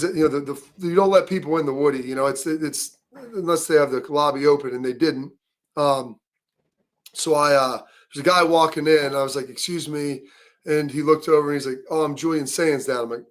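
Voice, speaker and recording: A man hosting a casual sports talk show, telling stories in a rambling way with many fillers and restarts. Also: fairly high pitch. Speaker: show host.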